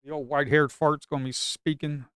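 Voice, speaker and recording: Male trader streaming live, mutters, repeats himself, curses; smooth, close, dry sound. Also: on the high side, level tone, brisk, a bit bright, no echo. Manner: talks to himself and viewers, repeats phrases, swears. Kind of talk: live trading commentary.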